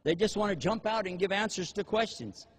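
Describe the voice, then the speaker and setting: Husky, high-voiced male preacher. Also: brisk. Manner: animated storytelling, acting out quotes. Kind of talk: sermon-style talk.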